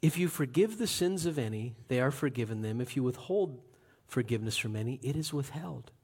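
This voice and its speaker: A man preaching voices the risen Jesus as a calm, gentle man, speaking in a hushed, soft and slow way. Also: medium pitch, slightly rough, voice pushed down. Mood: solemn.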